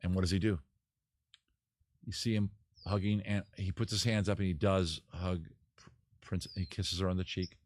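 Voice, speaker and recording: A man hosting a casual livestream, talking in a rambling, self-interrupting way, swearing and acting out scenes in quick put-on voices. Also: low voice, fairly even intonation. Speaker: livestream host. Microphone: camera mic.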